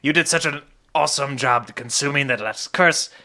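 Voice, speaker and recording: A man's voice: mid-range voice, moderate pace, sharp tone, pitched above the performer's own voice. A man voicing an eager, friendly kobold in a tabletop game, with earnest broken phrasing. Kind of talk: tabletop role-play voice.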